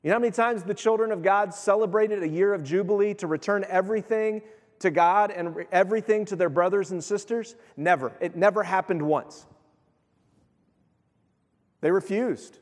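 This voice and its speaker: A man preaching a sermon as pastor, in a lively, conversational way, acting out the voices of the people he quotes. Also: high voice, normal speed. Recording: long hall reverb.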